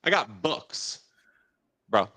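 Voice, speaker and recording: A man's voice: lowish voice, very slow, husky. A man who works as a market strategist, trading wry jokes with his co-host on a casual market show. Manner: lively, wry banter.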